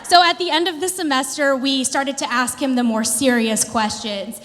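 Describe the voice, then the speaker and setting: A woman in her thirties performing a stand-up comedy routine, telling an animated story with playful put-on quotes. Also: high-pitched, normal speed. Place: theater stage before a live audience. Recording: reverberant hall with faint ambience.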